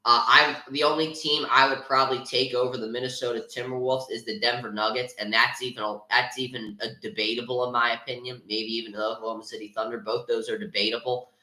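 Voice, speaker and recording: Young male podcast host, bright edgy tone, opinionated, roomy echo. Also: mid-range voice, little pitch movement, fast talker, hardly any pauses. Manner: opinionated, many filler ums and restarts. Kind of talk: casual sports talk.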